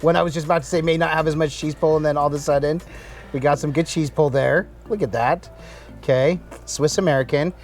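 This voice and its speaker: A man's voice: a little high, steady tone, fairly quick, a little mellow, soft background music. A middle-aged man co-hosting a casual cooking video, chatting and narrating as he tastes grilled cheese sandwiches. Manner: chatty, upbeat, narrates while tasting. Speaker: cooking channel co-host. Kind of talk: casual cooking and tasting chat.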